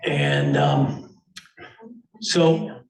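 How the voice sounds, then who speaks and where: A man in his sixties from Miami, a photographer appearing as guest speaker, gives a casual, rambling slide talk to an audience in a meeting hall, peppered with fillers and chuckles. His bass voice swings widely in pitch and moves very slowly. The recording is echoey, captured from far across the hall.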